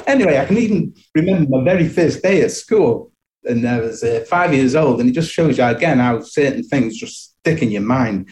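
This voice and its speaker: A man's voice: medium pitch, animated, moderate pace, darkish tone. A middle-aged man telling personal childhood stories in a reflective way, often chuckling and restarting his sentences. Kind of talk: personal storytelling.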